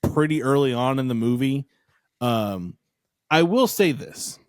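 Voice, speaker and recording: Man, podcast co-host, casual chat, profane, mock-outraged, medium pitch, dry close sound. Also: unhurried, dry recording. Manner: animated, swearing, mock-outraged.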